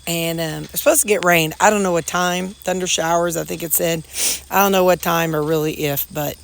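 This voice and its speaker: A woman's voice: fairly low pitch, steady tone, fairly quick, gravelly. A woman chatting casually in a folksy, rambling way, with a stuffy, runny nose. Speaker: weight-loss vlogger. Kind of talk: casual chat. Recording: echoey room, faint noise.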